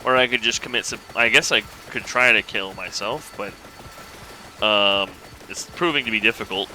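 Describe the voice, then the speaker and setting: Man, gameplay commentary, lowish voice, very sharp bright tone, rambling casual talk. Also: normal speed, slight background noise, low-quality recording. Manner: thinking aloud, relaxed and rambling. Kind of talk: casual let's-play commentary.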